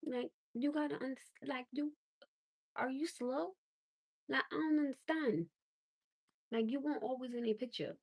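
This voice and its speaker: A woman's voice: sits high, normal speed, gravelly, pauses often, slightly rough, no room sound. Blunt, exasperated woman ranting on a livestream. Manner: blunt, exasperated, emphatic with rising disbelief. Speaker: livestream host. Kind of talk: casual livestream rant.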